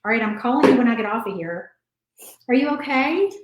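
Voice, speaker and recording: A woman's voice: a little high, expressive, a little fast, muffled recording, a little hiss or hum. Chatty woman in an echoey room. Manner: chatty, reads viewer comments aloud. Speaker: craft livestream host. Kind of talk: casual chat while painting. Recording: roomy echo.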